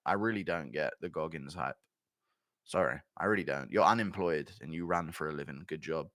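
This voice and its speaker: A man's voice: on the low side, pushed and bright, no room sound. A man ranting in casual commentary, profane and mocking, often laughing at his own jokes. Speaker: MMA commentator and streamer.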